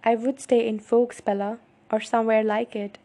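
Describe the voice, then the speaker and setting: A woman voicing a brooding teenage boy vampire who speaks quietly and soothingly. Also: a little high, little pitch movement, normal speed. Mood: grave. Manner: quiet, soothing, often whispered.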